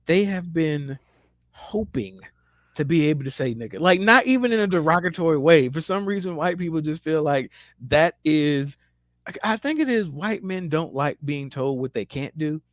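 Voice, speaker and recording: A man on a podcast, chatting casually and telling stories in an animated, opinionated way. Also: a little high, normal speed, no echo, clean studio sound. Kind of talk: casual chat.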